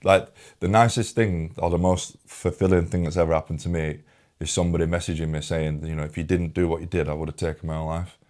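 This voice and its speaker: A young man hosting a podcast, talking emotionally in a halting, repetitive way and holding back tears. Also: low-pitched, steady tone, darkish tone. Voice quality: informal, swears often, halting and repetitive. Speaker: podcast host. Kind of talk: emotional casual conversation.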